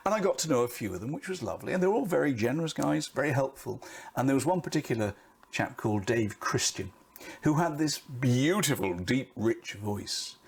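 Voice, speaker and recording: A middle-aged British man coaching on camera presence, talking in an animated way and swinging his pitch and volume for emphasis. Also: a little fast, creaky.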